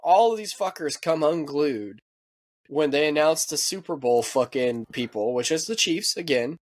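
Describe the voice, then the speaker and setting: Casual podcast co-host: American man, fairly high voice, swearing freely, animated rant. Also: normal speed. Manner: profane, animated ranting with mock quoted voices. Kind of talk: casual chat.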